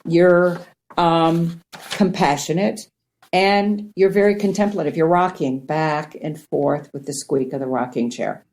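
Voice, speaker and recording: A woman from Ohio, a guest on mindfulness, teaching in a conversational way, earnest and animated, acting out little quotes as she explains. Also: low voice, measured pace. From Ohio, United States.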